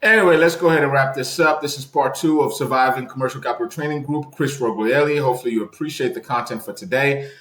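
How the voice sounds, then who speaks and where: A man's voice: medium pitch, fast, hardly any pauses, a bit bright, reverberant. A man hosting an interview video, incredulous and emphatic, speaking bluntly. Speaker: host, channel owner.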